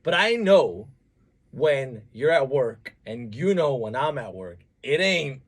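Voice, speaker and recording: A man's voice: medium pitch, very animated, slow, slightly rough. A young man co-hosting a podcast in casual chat, laid-back and agreeable, who laughs easily. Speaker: podcast co-host.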